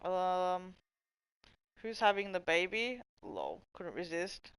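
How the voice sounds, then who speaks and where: A woman's voice: lowish voice, sing-song, slow, fairly bright tone, smooth, low-quality recording. Chatty swearing woman streamer. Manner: rambling, swears freely, answers chat. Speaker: livestream host. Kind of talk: casual live-stream chat. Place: at home.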